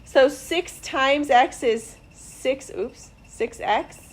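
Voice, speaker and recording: A woman math teacher in a classroom, walking students through problems step by step in a slow, deliberate way. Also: high voice. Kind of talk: classroom instruction.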